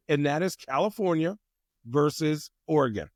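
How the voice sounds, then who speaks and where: A man talks easily as an interview guest, his voice sitting a bit high for a man. He tells animated stories and acts out other people's lines along the way. The sound is dry and close, with no room echo. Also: moderate pace. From United States. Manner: animated storyteller who acts out quotes. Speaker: guest, wine company president. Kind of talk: casual interview chat.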